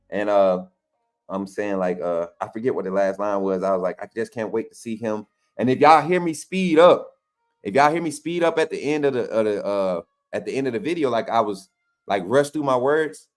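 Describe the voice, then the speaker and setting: A man co-hosting a fan channel, telling a story casually with lots of restarts and y'all. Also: lowish voice. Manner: rambling, many restarts and "y'all", animated.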